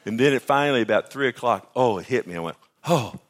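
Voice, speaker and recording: A man preaching a sermon at an early church service, telling a personal story and then praying, swinging from loud exclamations to hushed whispers. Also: medium pitch, expressive, fast talker. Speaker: pastor.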